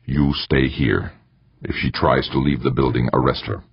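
A man's voice: very deep voice, moderate pace, vocal fry, husky, no echo, full character voice. A man voicing a curt, angry male security chief who barks short orders in an audiobook. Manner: curt, barking. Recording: dull, muffled dry recording.

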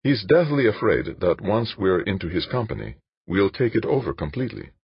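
A man reading the part of a polite, sly businessman who speaks in a measured, placating way. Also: fairly low pitch, sing-song, vocal fry, husky, no room sound, muffled recording, pitched above the performer's own voice, heavily acted. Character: smooth, sly male businessman, polite and calculating.

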